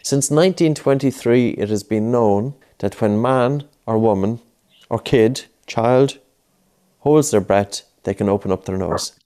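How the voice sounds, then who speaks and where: A man's voice: mid-range voice, measured pace, dark tone. A man coaching a child through breathing exercises, patient and coaxing, repeating his cues. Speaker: breathing instructor. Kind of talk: guided breathing lesson with a child.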